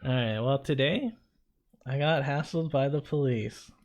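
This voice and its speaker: Male co-host, chatty anecdote-teller, average pitch, casual tone. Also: unhurried, a little hiss or hum. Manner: animated anecdote-teller, conversational. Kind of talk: casual storytelling chat.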